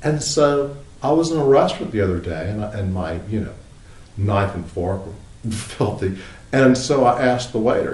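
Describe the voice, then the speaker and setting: A man with a drawl delivers a dry, humorous monologue, slipping into mocking tones when he quotes people. His voice sits low but swings widely in pitch. The sound carries a noticeable room echo. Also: animated, moderate pace, a little mellow. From United States. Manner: wry, drawling, quoting others in mock voices. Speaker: writer and commentator.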